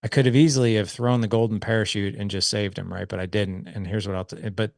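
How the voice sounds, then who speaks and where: Earnest low-voiced dad coaching fathers. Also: steady tone, fast, creaky, darkish tone, dry recording, clean studio sound. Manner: earnest, coaching, repeats "right?" often. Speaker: podcast guest, fatherhood author. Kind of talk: conversational interview storytelling.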